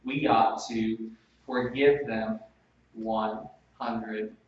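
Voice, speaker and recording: Male pastor, mid pitch, preaching with loud bursts and soft drops; heavily echoey hall, distant dull mic. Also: steady tone, very slow. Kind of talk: sermon.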